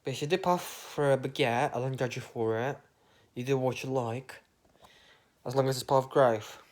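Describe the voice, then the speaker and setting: A man's voice: mid-range voice, moderate pace, a little mellow. A man, rambling through an absurd, meandering monologue with casual swearing. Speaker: vlogger.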